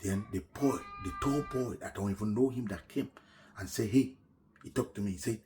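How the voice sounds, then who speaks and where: A middle-aged man telling his own story in an earnest, emotional way, often dropping to a hushed voice. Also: fairly low pitch, normal speed, background noise. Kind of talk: personal story told to camera.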